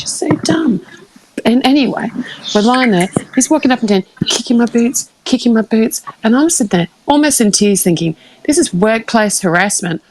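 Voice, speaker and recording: An Australian woman streaming live, telling a rambling story in a casual, animated way, with frequent laughs and restarts. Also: medium pitch, gravelly, poor audio. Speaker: livestream host.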